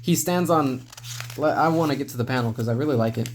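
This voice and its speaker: A man's voice: mid-range voice, quick pace. Chill guy talking through a manga review, lots of uh's, medium voice, faint hum behind. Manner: relaxed, rambling, many "uh" fillers, chuckles to himself. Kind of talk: casual video review.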